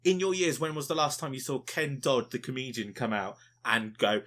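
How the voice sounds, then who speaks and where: A man's voice: medium pitch, expressive, brisk, few pauses, sharp tone. A man co-hosting a casual podcast, ranting with lots of swearing and mocking quotes of other people. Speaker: podcast co-host.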